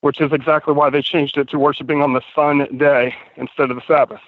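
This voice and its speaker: A man's voice: fairly high pitch, little pitch movement, fast talker, no room sound. A man calling in to a show, talking earnestly in a rambling way with many fillers, a little out of breath while walking outdoors in the cold. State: slightly out of breath. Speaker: caller. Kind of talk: casual call-in chat. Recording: tinny dry phone line.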